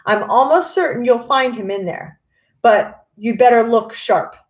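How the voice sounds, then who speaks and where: A woman's voice: a little high, measured pace, reverberant, close to an everyday voice. A woman voicing an eccentric, theatrical male chocolate maker with breezy reassurance. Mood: whimsical.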